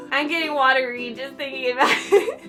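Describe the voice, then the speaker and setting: A young woman tells a storytime to her viewers in a gushing, chatty way, full of fillers. Her voice is very high and bright. Faint ukulele music plays underneath. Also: sing-song, a little slow. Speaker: YouTuber. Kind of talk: storytime vlog. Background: light ukulele music.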